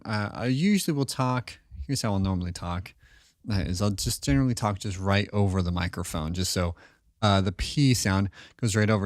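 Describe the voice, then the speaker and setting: Low-voiced man giving a casual studio tutorial. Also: normal speed, no echo. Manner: relaxed, thinking aloud with many fillers and restarts. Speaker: audio tutorial host. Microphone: close studio microphone with pop filter.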